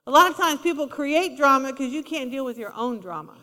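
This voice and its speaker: A woman's voice: high voice, lively intonation, brisk, pushed and bright. A woman preaching a sermon in a conversational style, acting out quotes as she goes. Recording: long reverb of a large hall.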